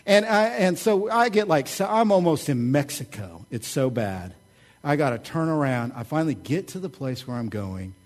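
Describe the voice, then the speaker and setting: A middle-aged man preaching a sermon, telling stories in a casual, joking and animated way. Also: a little high, moderate pace. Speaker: pastor.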